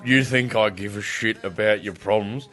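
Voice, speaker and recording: A man's voice: fairly low pitch, moderate pace, soft background music, natural voice. A man playing a weary 58-year-old café manager who grumbles in an improvised comedy sketch. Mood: fed-up. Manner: flat, fed-up grumbling.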